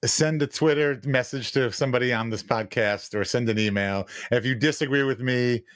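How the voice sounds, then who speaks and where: A man co-hosting a sports podcast, complaining in a drawn-out, exasperated way during casual banter. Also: mid-range voice. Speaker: podcast co-host.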